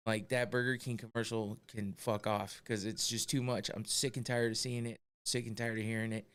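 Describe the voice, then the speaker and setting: A man's voice: lowish voice, flat delivery, moderate pace, a bit bright, clean tone. A man hosting a podcast, ranting casually with lots of swearing, exasperated and often breaking into laughter. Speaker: podcast host.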